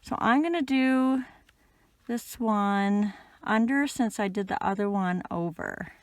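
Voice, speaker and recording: A woman with an ordinary mid-range voice explains crochet steps in a relaxed, patient way. She speaks gently and drops in an occasional "um". The recording is close and dry, with no room echo. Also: medium pitch, slow pace. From Canada. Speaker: crochet instructor. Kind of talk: casual step-by-step tutorial.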